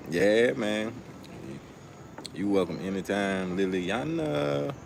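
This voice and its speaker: A man's voice: low voice, lively intonation, moderate pace, gravelly, background noise. A young man hosting a casual livestream outdoors, telling stories in loose slang and talking to his chat. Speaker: livestream host. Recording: music playing loudly behind.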